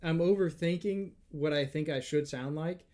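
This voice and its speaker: A man's voice: a little high, normal speed, darkish tone. A man co-hosting a comedy podcast in laid-back casual chat, often agreeing and laughing along. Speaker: podcast co-host.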